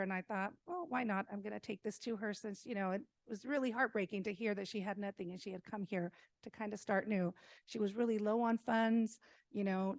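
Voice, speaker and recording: A woman with a fairly high voice recounts a story to a meeting in a relaxed, chatty way, full of fillers and small laughs. The sound is dry and close, with no room echo. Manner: warm anecdotal telling with fillers and laughs. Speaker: senior meal program presenter.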